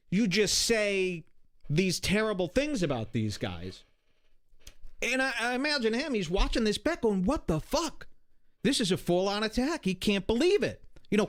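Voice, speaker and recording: A man hosting a podcast, talking in an animated, exasperated, profane rant. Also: high-pitched. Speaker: podcast host. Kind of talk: casual ranting commentary.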